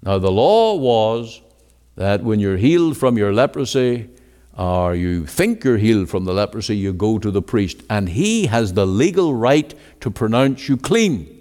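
Male preacher, slow and deliberate, swinging from ringing exclamations to quiet low words; long hall reverb. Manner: quotes scripture in old-fashioned wording. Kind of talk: sermon. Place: meeting hall.

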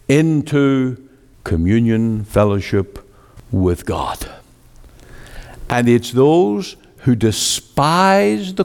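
A man preaching in a church with a lively, swooping delivery, slow and deliberate. His voice rises into urgent appeals and sinks into hushed phrase endings. A long hall reverb trails every line. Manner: emphatic, swings between loud rising appeals and low drawn-out endings. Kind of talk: sermon.

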